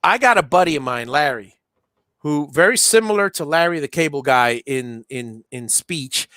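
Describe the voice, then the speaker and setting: Rambling high-voiced male streamer. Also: lively intonation, normal speed, bright, forceful tone, no room sound, clean studio sound. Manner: rambling, many restarts and fillers. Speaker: livestream host. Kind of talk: casual chat while soldering on a livestream.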